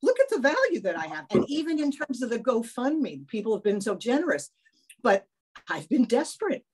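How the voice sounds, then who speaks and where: An older woman talking candidly on a video call, animated and self-mocking, swearing now and then. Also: fairly high pitch, fairly quick, husky. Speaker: workshop participant. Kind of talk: emotional personal sharing on a video call.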